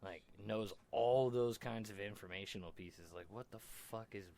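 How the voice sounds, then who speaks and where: Man, deep voice, loose and profane, excitable casual talker. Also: normal speed. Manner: animated, swears a lot, laughs while talking. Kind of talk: casual chat. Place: room with friends.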